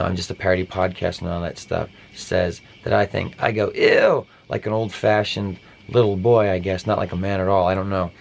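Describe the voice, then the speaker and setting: Gravelly man rambling through a parody monologue. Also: low-pitched, a little mellow, slight background noise. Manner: rambling, mock-conspiratorial, offhand asides. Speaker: parody podcast host.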